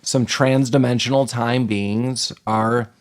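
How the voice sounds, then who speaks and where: A man's voice: mid-range voice, steady tone, takes it slowly. Rambling jokey man on a podcast. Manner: rambling, jokey, lots of "like" fillers. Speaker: podcast co-host. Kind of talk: casual movie-review chat.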